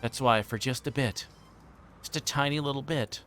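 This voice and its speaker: A man's voice: mid-range voice, moderate pace, fairly bright tone, faint music behind. A male streamer reading a visual novel aloud on a livestream, narrating plainly with occasional stumbles and restarts.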